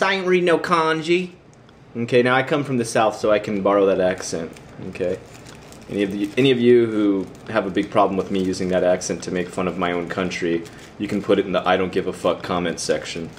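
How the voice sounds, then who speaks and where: In a casual video lesson about Japan, an American vlogger chats and teases while quizzing the viewer. His voice sits in the mid range, with a little hiss or hum behind it.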